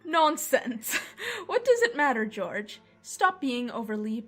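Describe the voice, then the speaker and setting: A woman's voice: a little high, animated, slow, fairly bright tone, soft background music, heavily acted. A woman voicing an imperious, wealthy mother in a video game, airy and dismissive.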